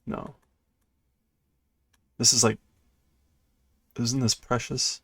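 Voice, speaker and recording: Male streamer, unhurried gravelly delivery, dry close sound, thinking aloud with self-corrections. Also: medium pitch, level tone, fairly bright tone, dry recording. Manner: laughs lightly at himself. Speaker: streamer reading a manga aloud. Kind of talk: live-stream read-through, translating as he goes. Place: indoors at his computer.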